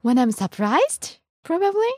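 A woman whose first language is Japanese, teaching it on a podcast in a lively, giggly way and modeling pronunciation. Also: sits high, a little slow, no echo, studio quality. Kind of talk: casual teaching chat.

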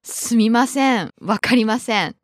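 A woman co-hosting a language lesson as the teacher, slowly and patiently modeling words. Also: a little high, no echo, studio quality.

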